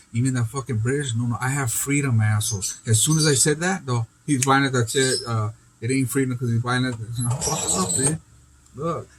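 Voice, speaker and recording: A man with an ordinary, mid-pitched voice delivers a disjointed, profane monologue. He rambles from thought to thought and swears constantly, with his loudness and pitch jumping suddenly. Faint background noise sits under the voice.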